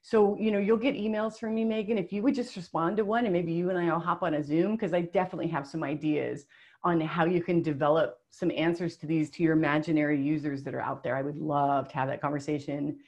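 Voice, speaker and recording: A woman hosting an online workshop over a video call, reading out what participants wrote. Her voice sits a bit low, and she talks in an upbeat, emotional, chatty way with plenty of fillers. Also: steady tone, fast talker, a little mellow. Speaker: webinar presenter.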